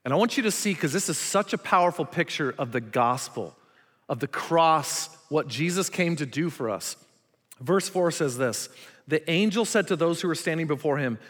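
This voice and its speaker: A man's voice: a little high, expressive, normal speed, a bit bright. A man preaching a sermon with emphasis, putting rhetorical questions to his congregation. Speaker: pastor. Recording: long reverb of a large hall.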